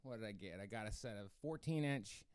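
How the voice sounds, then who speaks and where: Man, casual rambling chat, smooth resonant voice, dry close sound, drum studio. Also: on the low side, brisk, dry recording. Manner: rambling, relaxed, lots of fillers and restarts. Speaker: drummer hosting a practice stream.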